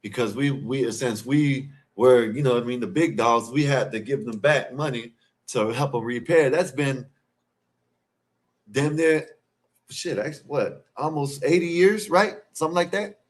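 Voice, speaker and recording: A man on a call-in panel who talks in halting, rambling bursts and keeps asking for agreement, on a remote call. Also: medium pitch. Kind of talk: casual call-in panel debate.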